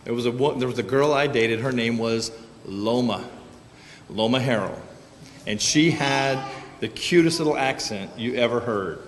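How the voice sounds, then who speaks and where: Male preacher, mid-pitched, folksy and joking, storytelling from a reverberant church sanctuary. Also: moderate pace, slight background noise. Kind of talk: conversational sermon.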